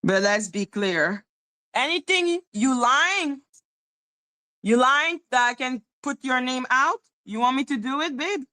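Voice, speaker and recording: Bright higher-pitched woman on a livestream, cussing and taunting, chatting with viewers. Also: animated, moderate pace, hardly any pauses. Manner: profane, taunting, reads chat aloud. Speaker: livestream host. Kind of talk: casual livestream chat.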